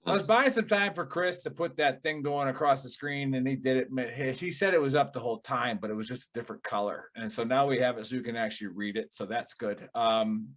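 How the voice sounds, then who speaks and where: A man with a Wisconsin accent hosting a casual chat show, rambling and animated with lots of fillers. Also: mid-range voice, fairly quick, hardly any pauses. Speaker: podcast host.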